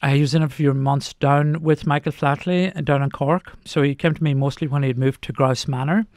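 A middle-aged man, a doctor, telling anecdotes in an unhurried way during a radio interview. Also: a little high, steady tone, a little mellow, no echo, studio quality. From Ireland. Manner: anecdotal, unhurried, lists points.

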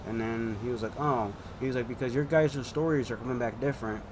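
A man's voice: mid-range voice, fairly even intonation, fast, background noise. A man casually recounting a roleplay session in a rambling way, restarting sentences and quoting the others. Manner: rambling, restarts often, quotes others as he tells it. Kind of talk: casual chat.

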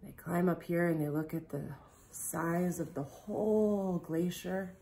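A woman reading a picture book aloud to children, gently explaining as she goes and asking them questions. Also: on the low side, steady tone, gravelly, a little hiss or hum. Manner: gentle, slow storytelling, speaking directly to children.

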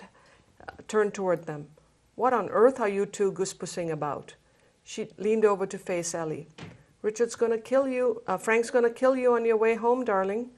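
A woman from India, a novelist, reading a passage of her fiction aloud with lively expression. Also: medium pitch. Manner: hesitant intro, then lively expressive reading.

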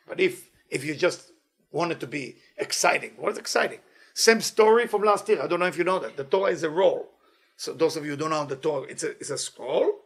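Husky, gravelly-voiced man preaching. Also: fairly high pitch. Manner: animated, acts out voices with laughs and exclamations. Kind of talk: sermon.

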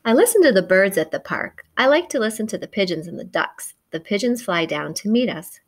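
A woman reading a picture book aloud to young children, gentle and encouraging, chatting about the pictures and imitating the story's sounds. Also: medium pitch, big pitch swings, fairly quick. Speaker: children's read-aloud presenter.

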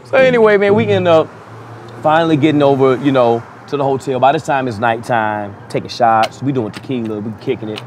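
A man's voice: medium pitch, a little fast, a little hiss or hum. Laid-back, cussing man telling a story. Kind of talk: casual storytelling to camera. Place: outdoors in a city.

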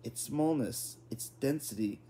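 A man reading a children's novel aloud at a steady, plain pace, with small restarts. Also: mid-range voice, unhurried. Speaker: reader.

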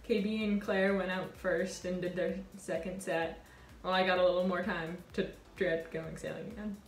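A woman's voice: lowish voice, steady tone, moderate pace. Earnest young woman telling a story, echoey. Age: 20s. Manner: earnest, warm storytelling with occasional laughs. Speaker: college sailor and award winner. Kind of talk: reflective personal storytelling.

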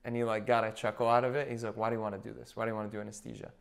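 A man's voice: fairly low pitch, very fast, creaky. A young man, a podcast guest who works as a nurse anesthetist, telling stories in casual chat and acting out what others said. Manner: animated storyteller who quotes what others said.

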